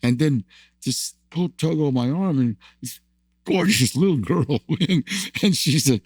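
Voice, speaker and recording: A man's voice: a little high, animated, a little slow, darkish tone, slightly rough, no room sound. An older man from the United States, a guest in an interview, tells rambling stories of his past, repeating words and laughing often. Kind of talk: storytelling interview.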